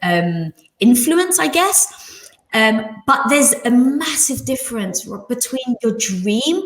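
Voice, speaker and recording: Guest, woman in her forties, vivid storyteller who mimics the people she quotes; her voice rings in a roomy space. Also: slow. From London, England. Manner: animated, acts out quoted voices with jumps in pitch. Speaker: podcast guest. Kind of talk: reflective storytelling interview. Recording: roomy echo.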